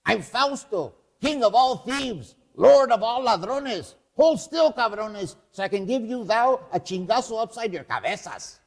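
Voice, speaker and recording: Swaggering fat Chicano rogue king, voiced by a man, drawn-out bellowed boasts, big hall echo. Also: very high voice, lively intonation, pitched above the performer's own voice, heavily acted. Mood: blustering. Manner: bellowing, swaggering, drawn-out declamations, slangy insults. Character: fat boastful middle-aged male Chicano street king, Falstaff type. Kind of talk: live reading of a comic play. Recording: long reverb from a hall.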